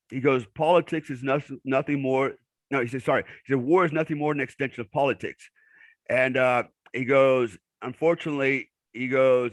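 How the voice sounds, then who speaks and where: A man's voice: mid-range voice, no room sound. A middle-aged man, a military veteran guest in an interview, telling blunt stories with many filler words. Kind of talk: conversational interview.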